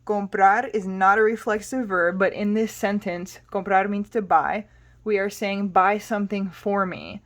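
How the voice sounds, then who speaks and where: A woman's voice: mid-range voice, steady tone, measured pace, a bit bright. Patient woman teaching a language lesson. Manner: patient, spells words out letter by letter. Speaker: Spanish teacher.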